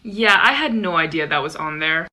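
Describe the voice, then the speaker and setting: A woman's voice: deep voice, animated, moderate pace, sharp tone. A woman telling a childhood story in a casual, chatty voice-over, acting out the people she quotes.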